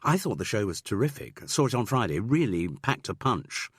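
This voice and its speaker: A man voicing a shrewd middle-aged woman amateur sleuth who talks in a brisk, coaxing way with small stammers. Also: on the low side, big pitch swings, breathy edge, no room sound, studio quality, pitched above the performer's own voice, heavily acted.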